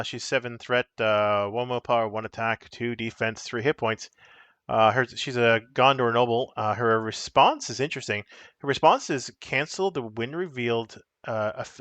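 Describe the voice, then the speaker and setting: A man's voice: medium pitch, a bit bright, dry recording. A man casually chatting on a live stream as he shows and explains the cards of a solo card game, rambling and correcting himself as he goes.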